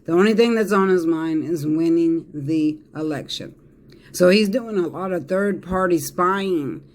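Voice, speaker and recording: A man's voice: high-pitched, a little slow. A man giving a casual tarot reading, talking emphatically and repeating himself with fillers and restarts. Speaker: tarot reader.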